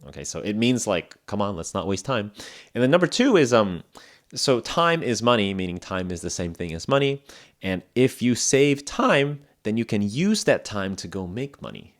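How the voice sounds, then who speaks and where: A young man hosting an English lesson podcast, explaining phrases in a relaxed, chatty way with acted examples. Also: on the low side, moderate pace. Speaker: English podcast host and teacher. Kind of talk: casual spoken English lesson.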